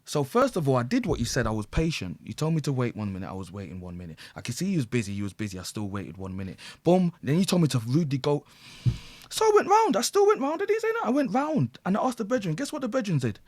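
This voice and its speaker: A middle-aged man, a podcast guest, telling a story loudly, swearing, acting out the people he quotes and laughing often. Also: on the high side, huge pitch swings, quick pace, dry recording. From England. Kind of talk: animated storytelling.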